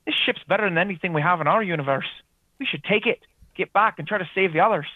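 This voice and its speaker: A man voicing a gruff, blunt male Irish officer who swears and talks impatiently, over a tinny line. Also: high-pitched, quick pace, no echo.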